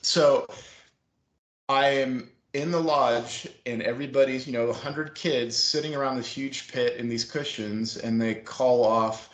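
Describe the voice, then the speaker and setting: A man's voice: medium pitch, normal speed. Middle-aged male guest on a video call, roomy sound, chatty storyteller who acts out quotes. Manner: rambling, animated storyteller acting out quoted voices. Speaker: interview guest, former school staff member. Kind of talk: casual storytelling interview.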